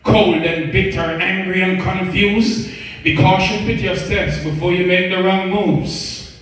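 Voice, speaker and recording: A man's voice: high voice, steady tone, a little slow, fairly bright tone. A man performing spoken word poetry on the radio, reciting in a rhythmic, rhyming, preacher-like cadence. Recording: echoey, distant from the mic.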